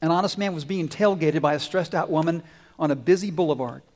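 A pastor quizzes children during a children's sermon in a church sanctuary and waits for their answers before launching into stories. He's an animated storyteller whose fairly high voice swings lively up to loud climaxes at a quick pace. A long hall reverb carries his voice away.

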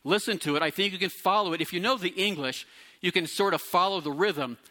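A middle-aged man preaching a sermon to his congregation, teaching and explaining Greek words with lively emphasis. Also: sits high, fairly quick. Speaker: pastor.

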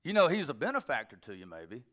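Bright-voiced joking preacher man. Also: mid-range voice, quick pace. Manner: animated, joking, conversational preaching. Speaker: pastor. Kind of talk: sermon.

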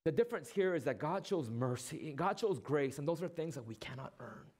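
A man preaching a sermon, asking rhetorical questions, using dramatic pauses and acting out quoted lines. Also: fairly high pitch, animated, a little mellow. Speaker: pastor.

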